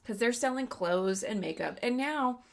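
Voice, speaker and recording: A woman's voice: fairly high pitch, animated, moderate pace, vocal fry. A woman co-hosting a casual movie review podcast, opinionated and ranting, swearing freely. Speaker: podcast co-host.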